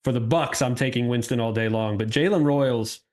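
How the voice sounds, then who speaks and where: A man's voice: medium pitch, normal speed, a little mellow. Man breaking down draft picks. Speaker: guest draft analyst. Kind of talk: casual podcast chat.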